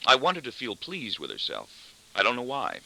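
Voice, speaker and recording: A man's voice: medium pitch, wildly swooping pitch, normal speed, creaky, pushed and bright, low-quality recording. A man reading an audiobook in the first person, with a dry, wry delivery. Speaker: audiobook narrator. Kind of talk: scripted narration.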